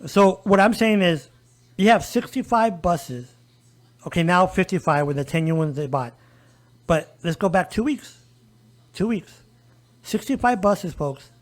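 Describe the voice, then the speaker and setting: Male podcast guest, high voice, emphatic advocate, keeps checking in with the audience. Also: lively intonation, measured pace, long pauses. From El Paso area, US. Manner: emphatic, repeatedly addressing listeners with "folks" and "okay?". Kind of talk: conversational podcast interview.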